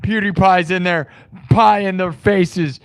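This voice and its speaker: Young male streamer, casual rambler, slightly high voice. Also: fairly even intonation, unhurried, smooth. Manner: rambling, laid-back, full of "dude" and "like". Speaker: live-stream musician host.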